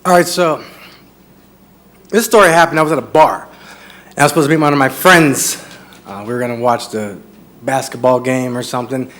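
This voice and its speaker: A man's voice: mid-range voice, steady tone, fairly quick, pauses often, a bit bright. A man doing stand-up, telling a rambling bar story that repeats itself and breaks into his own laughter. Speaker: stand-up comedian.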